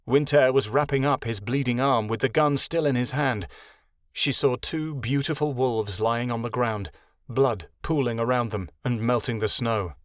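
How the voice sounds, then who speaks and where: A man's voice: mid-range voice, normal speed, dry recording. Male audiobook narrator, dry sound. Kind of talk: scripted narration.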